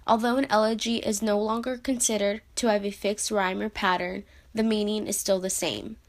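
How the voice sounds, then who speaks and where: A young woman giving an even, explanatory reading of a class presentation. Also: mid-range voice, moderate pace. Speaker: student presenter.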